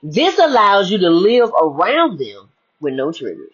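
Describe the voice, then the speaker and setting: A woman with a husky, breathy voice delivers a spiritual motivational monologue as a life coach. Her pitch swings widely while she presses her points and circles back to repeat them. The recording sounds dull and lo-fi. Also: wildly swooping pitch, unhurried. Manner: emphatic, preachy, repeats key phrases.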